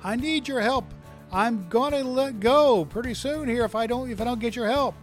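A man playing a panicked hiker who clings to a branch on a cliff and yells for help in a strained, high voice. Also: moderate pace, soft background music. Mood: frantic. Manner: frantic high-pitched yelling. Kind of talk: joke storytelling.

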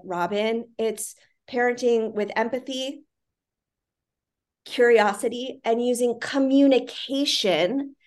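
A woman speaking as an interview guest, earnest and reflective, with the odd "like" and "you know". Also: fairly high pitch. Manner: earnest, reflective, with frequent fillers. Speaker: parenting institute CEO, guest. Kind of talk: conversational interview.

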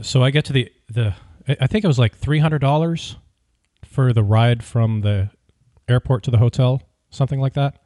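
A man tells a story in a wry, opinionated way and keeps it lively. His voice is mid-pitched, and the recording is close and dry with no room sound. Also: dry recording. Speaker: podcast host. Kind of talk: casual storytelling.

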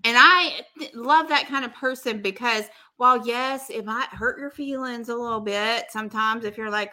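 Woman, high and bright voice, lively storyteller for casual chat. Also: moderate pace, few pauses. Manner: animated storytelling, acting out quotes. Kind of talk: casual chat recapping a reality show.

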